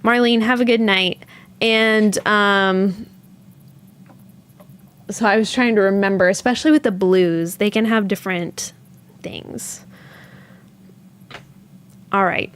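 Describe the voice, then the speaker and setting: Her medium-pitched voice is slow and full of frequent pauses, with a little background noise behind it. She hosts a yarn shop livestream, chatting casually, thinking aloud and answering viewer comments on the fly.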